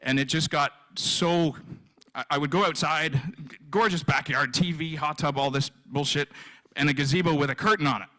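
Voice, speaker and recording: Halting, emotional man in his fifties. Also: on the high side, pushed and bright, rough recording. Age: 50s. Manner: halting, repeats himself, emotional. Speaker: guest speaker sharing his story. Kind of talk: emotional personal testimony at a live event. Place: live event venue.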